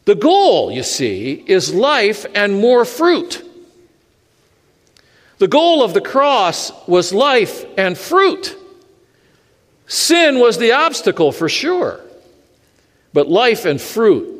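A man preaching a sermon in a church, animated and dropping in dry humor. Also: high voice, extremely slow, pauses often, big-room sound. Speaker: pastor.

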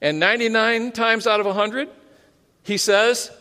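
High-voiced pastor in a reverberant hall. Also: male voice, steady tone, normal speed, bright, forceful tone, smooth. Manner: conversational, self-deprecating humor with laughs. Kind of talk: sermon.

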